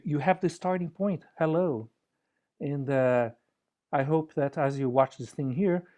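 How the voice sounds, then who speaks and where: A man's voice: mid-range voice, warm tone, lo-fi sound. A man giving a conference talk with vocal exercises, speaking playfully and slipping into lilting, sung syllables. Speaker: workshop presenter.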